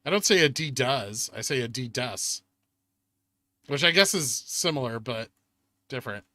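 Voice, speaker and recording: A man's voice: mid-range voice, lively intonation, fairly quick, pushed and bright, no echo. A man streaming live, reading chat aloud and bantering in a sardonic way, swearing often and laughing at himself.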